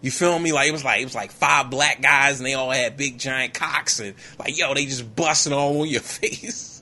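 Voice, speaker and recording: A man recapping a film as a comedy bit, talking in loose street slang and checking in with his listener again and again. His voice sounds bright and forceful, at a middle pitch. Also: moderate pace. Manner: slangy, animated, riffs with "yo, man" and "you feel me".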